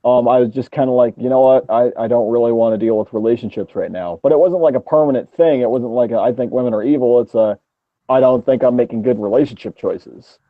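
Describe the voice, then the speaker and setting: A man's voice: mid-range voice, quick pace, no echo. A man in casual livestream chat, rambling with fillers and self-mocking asides, on dull lo-fi audio.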